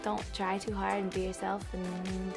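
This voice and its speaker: A woman's voice: medium pitch, little pitch movement, normal speed, creaky, over music. A young woman answering interview questions in a bubbly, giggly way, full of "like" and "um". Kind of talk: casual interview chat.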